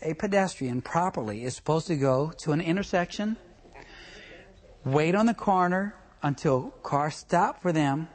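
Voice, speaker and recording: A traffic school instructor gives a comic lecture to his class, joking, telling stories, and quizzing the room. His voice sits at a medium pitch, animated but measured in pace.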